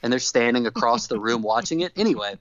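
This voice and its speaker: A man's voice: medium pitch, fast talker, no echo, muffled recording. A man casually recapping a show with a co-host, acting out quotes in playful put-on voices. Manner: animated storyteller, acts out quotes in put-on voices.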